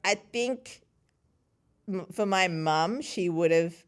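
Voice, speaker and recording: A woman in her thirties, a podcast guest, chatting and telling stories in an animated way, acting out what people said and laughing often. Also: on the low side, slow pace, clean tone. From Sri Lankan family. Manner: animated, acts out quoted voices, laughs often. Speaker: podcast host and interview guest. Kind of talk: casual conversational storytelling.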